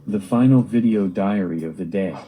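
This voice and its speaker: A man's voice: on the low side, moderate pace, dark tone, poor audio. A man narrating a homemade cartoon video diary with simple, earnest storytelling.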